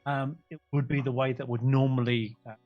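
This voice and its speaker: A man's voice: mid-range voice, little pitch movement, fairly quick, lo-fi sound, soft background music. A man narrating a tabletop game as game master, rambling and correcting himself as he goes. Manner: rambling, self-correcting, jokey.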